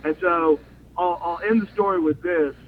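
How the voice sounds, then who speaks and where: A man's voice: fairly high pitch, moderate pace. A man, a former wrestler, telling long stories in a casual interview, acting out quotes and laughing often. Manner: animated storyteller, acts out quotes, laughs often. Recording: phone-line audio with faint noise.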